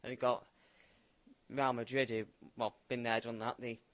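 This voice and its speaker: A man's voice: medium pitch, moderate pace, dull audio. A man co-hosting a casual football chat, offering opinions and often tagging his lines with questions. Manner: chatty, tag questions, relaxed opinions. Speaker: co-host.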